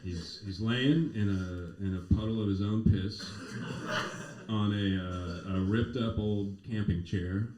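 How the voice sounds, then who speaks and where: A man doing stand-up comedy, telling a story in a loose, rambling way with swearing and quick acted-out quotes, on a club stage. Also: lowish voice, warm tone. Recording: roomy live club sound from off-mic, crowd laughter.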